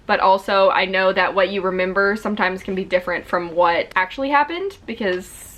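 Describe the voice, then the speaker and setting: Chatty young woman, bright voice. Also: mid-range voice, fairly quick, slight background noise. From South Carolina. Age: 20s. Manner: chatty, rambling with many "like" fillers and self-corrections. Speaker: vlogger. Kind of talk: casual storytelling to camera.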